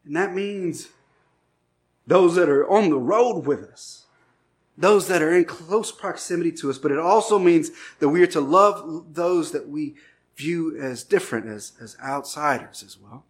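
A man preaching to his church as pastor, with a voice sitting a little higher than most men. He tells a personal story in an animated way, acting out shouted lines before turning to scripture. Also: unhurried.

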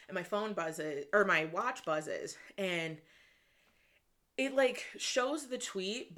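Woman from michigan telling a story on her podcast, super lively up-and-down voice, says like a lot, swears casually. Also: mid-range voice. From Michigan, USA. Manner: animated and excitable, full of "like" and casual swearing. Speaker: podcast host.

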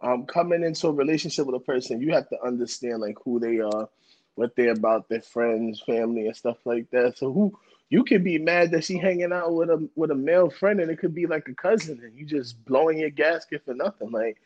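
Husky-voiced laid-back man. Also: on the high side, brisk, darkish tone, lo-fi sound. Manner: laid-back, advice-giving, many fillers. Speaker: podcast co-host. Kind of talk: casual chat.

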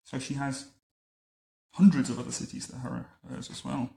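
A man reading a picture book aloud to a child at home, adding wry, deadpan comments between the lines. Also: medium pitch, normal speed, gravelly. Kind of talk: bedtime story reading with joking asides. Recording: roomy echo.

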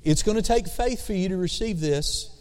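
A pastor preaches a sermon in a church sanctuary, his high, slightly mellow voice clear and resonant. He speaks slowly, drawing out key words and calling for responses, and the recording carries long church reverb.

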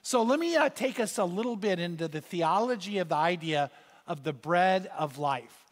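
High-voiced animated male preacher in a hall. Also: normal speed. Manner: animated storytelling with rising exclamations. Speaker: pastor. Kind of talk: sermon. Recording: reverberant hall sound.

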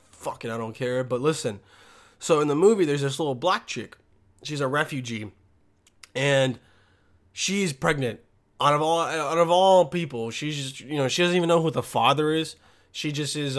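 A man talks alone in a rambling, foul-mouthed monologue, often losing his thread and starting over. He is blunt and combative, and his voice sits fairly high for a man. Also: fairly bright tone. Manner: crude, rambling, loses his thread, heavy swearing.

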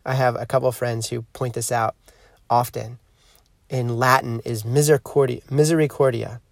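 A man gives a reflective spiritual teaching on his podcast with a gravelly edge to his voice. His pitch sits in an ordinary middle range. He sounds earnest and measured, easing the pace whenever he wants a point to land, and the sound is dry with no room around it. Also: steady tone, no room sound. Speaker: podcast host.

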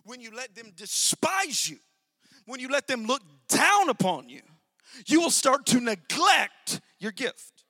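High, bright-voiced male preacher. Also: big pitch swings, unhurried, no echo, studio quality. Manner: swings between loud, sing-song shouting and low, quiet asides; addresses the congregation directly with call-and-response questions. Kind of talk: sermon.

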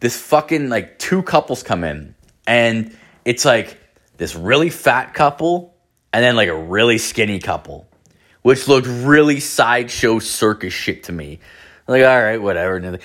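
A man's voice: mid-range voice, sing-song, measured pace, fairly bright tone. A man telling a casual, rambling comedic story, swearing constantly and leaning on "like". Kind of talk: casual profane storytelling rant.

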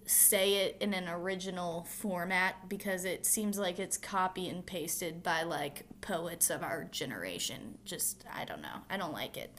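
A woman's voice: fairly low pitch, unhurried, few pauses, fairly bright tone, slight background noise. A young woman co-hosting a podcast, chatting casually and filling her talk with "like". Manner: chatty, lots of "like" fillers. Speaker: podcast co-host. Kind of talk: casual recap chat.

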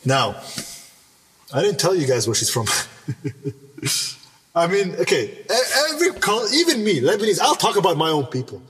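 A man's voice: on the high side, moderate pace, pauses often. A man recounts a personal story to a podcast host, his voice leaping up and down. He stresses words hard and restarts sentences often. The room sounds echoey, with the mic some way off. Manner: animated, emphatic, repeats words and restarts. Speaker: podcast guest. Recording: reverberant room, mic at a distance.

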